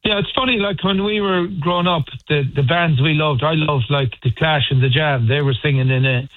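Over a tinny phone line, a middle-aged Irishman from a band chats in an interview at a moderate pace. His slightly high voice has no echo, and he tells stories in a rambling way, restarting hesitantly.

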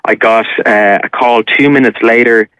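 A man's voice: medium pitch, fairly even intonation, normal speed, fairly bright tone, clear, resonant tone, dry recording, highs cut off. A man, a journalist calling in to a radio show, telling a personal story in a rambling way with many fillers. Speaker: caller, journalist.

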